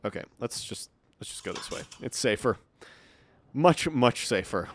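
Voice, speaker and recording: A man's voice: mid-range voice, animated, moderate pace, a little hiss or hum. A man streaming live gameplay, chatting and muttering to himself with frequent swearing.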